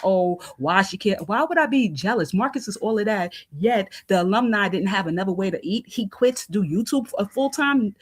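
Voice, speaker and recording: A woman from New York with a New York accent, calling in to a live show and ranting bluntly with profanity. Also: medium pitch. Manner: blunt, profane, rapid-fire opinions. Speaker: caller. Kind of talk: casual call-in rant.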